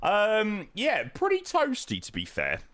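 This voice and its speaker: A young man chats on a live stream from home, self-deprecating and friendly as he thanks viewers. His pitch moves around a lot in a lively way, and his voice is close and dry. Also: a little slow, no echo. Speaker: flight simulator streamer. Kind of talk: casual live-stream chat.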